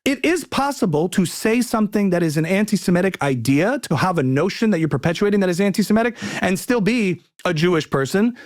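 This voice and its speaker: High-voiced, emphatic male comedian. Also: expressive. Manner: emphatic, quick, repeats words when starting. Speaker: podcast guest, comedian. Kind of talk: heated opinionated conversation.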